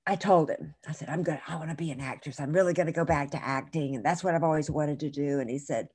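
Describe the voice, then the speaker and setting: A woman's voice: low-pitched, fast, few pauses, a little mellow, breathy edge. A woman guest in an interview, telling a long story in a chatty, digressive way and correcting herself as she goes.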